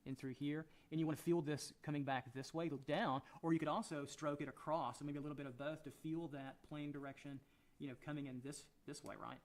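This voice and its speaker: A man teaching a drawing lesson, talking through each stroke as he sketches and often trailing off quietly. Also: on the high side, fairly quick. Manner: relaxed, thinking aloud while sketching, often trailing off quietly. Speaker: drawing instructor.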